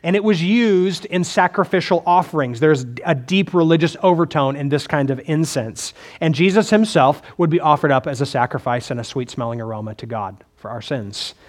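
A man's voice: a little high, normal speed, few pauses. A man preaching a sermon in a conversational way, asking the listeners questions and often restarting his sentences. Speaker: pastor.

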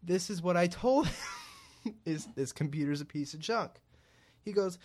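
A man's voice: high voice, expressive, measured pace, a little mellow. A young man co-hosting a casual talk show, telling a story and acting out both sides of a phone call. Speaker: podcast co-host.

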